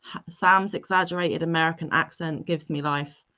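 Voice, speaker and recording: A woman's voice: sits low, fairly even intonation, normal speed, sharp tone, dull audio. A woman from Devon, co-hosting a casual livestream, playful and chatty as she reads out chat messages. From England (Devon). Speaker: livestream co-host. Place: home livestream.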